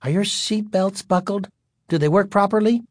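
A man doing a fussing mother, raised pitch. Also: normal speed, no echo, clean studio sound, close to an everyday voice. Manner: bright then scolding. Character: excitable mother, scolding and worried.

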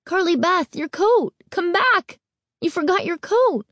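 A woman's voice: medium pitch, level tone, measured pace, vocal fry, dark tone, no echo, clean studio sound. A woman reading an audiobook, voicing a worried young girl who anxiously pleads with her friend. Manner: urging, pleading.

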